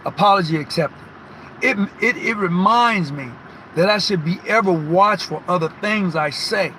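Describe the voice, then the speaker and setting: A man giving an informal motivational talk to fellow lodge members, telling a personal story emphatically, repeating words and often clearing his throat. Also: high voice, normal speed, bright, forceful tone, a little hiss or hum, poor audio. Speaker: Masonic lodge speaker.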